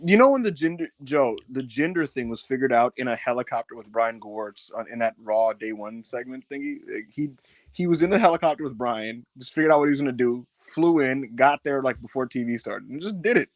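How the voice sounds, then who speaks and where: Casual, animated podcast co-host, a man with a mid-range voice heard close and dry, swearing freely and acting out what others said. His talk is loose and quick to jump into impressions. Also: medium pitch, dry recording. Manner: animated, swears, acts out quotes. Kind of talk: casual chat.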